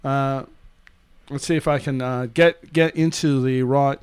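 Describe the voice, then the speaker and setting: A man's voice: mid-range voice, steady tone, unhurried, darkish tone, clear, resonant tone, dry recording. A Canadian man co-hosting a podcast in casual chat, joking and rambling, with "eh" dropped in. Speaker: podcast co-host.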